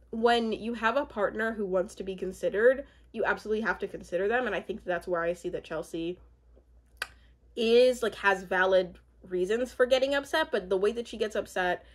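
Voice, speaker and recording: A woman's voice: medium pitch, normal speed. A young woman in casual chat, rambling with many fillers and asides as she recaps a reality show.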